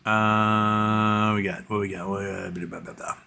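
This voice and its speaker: A man hosting a casual live stream, rambling with lots of fillers and a tired, throat-clearing voice, in a room at home. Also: fairly low pitch, little pitch movement, a little slow, sharp tone, a little hiss or hum. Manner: rambling, trails off, many fillers. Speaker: livestream host. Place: home room with a fan running.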